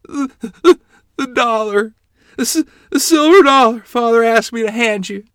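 A man's voice: medium pitch, sing-song, moderate pace, a bit bright, dry recording, studio quality, voice pushed up. A man voicing a frightened young boy who stammers and quivers in a read-aloud story.

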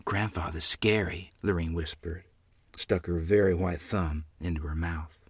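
A man narrating a memoir story in an expressive, dramatic way. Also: deep voice, measured pace, breathy edge, no room sound.

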